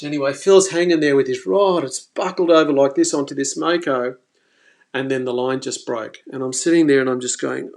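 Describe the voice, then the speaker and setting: Man, fishing host, live stream, lively storytelling, exclamations, slightly higher voice. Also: normal speed. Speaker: fishing presenter.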